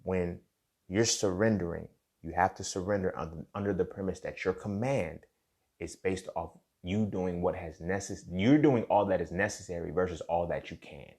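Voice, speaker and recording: A man's voice: deep voice, moderate pace, a little mellow. A young man hosting a casual motivational monologue, swearing freely and telling a story while often asking if you follow him. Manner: profane, storytelling, keeps asking "you feel me". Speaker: podcast host.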